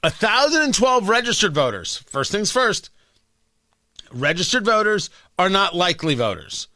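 A sarcastic male talk radio host with a high, bright, ringing voice. His pitch leaps around as he hammers each point, recorded dry and close in the studio. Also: normal speed, no room sound. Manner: sarcastic, emphatic, animated delivery. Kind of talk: opinionated talk radio monologue. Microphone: studio microphone.

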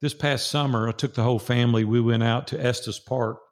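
A man's voice: mid-range voice, steady tone, a little fast. An older man with a Southern US accent, a podcast guest telling personal stories in an earnest way and repeating phrases for emphasis. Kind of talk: casual storytelling interview.

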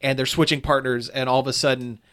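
A man's voice: mid-range voice, level tone, fast, fairly bright tone. A man in casual chat reviewing a film, rambling with restarts and fillers as he goes. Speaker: movie reviewer.

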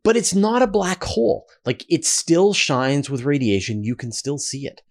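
A man with a Canadian accent hosting a relaxed question-and-answer show, talking casually with fillers and restarts. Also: fairly high pitch, normal speed. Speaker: host. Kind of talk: casual Q&A talk.

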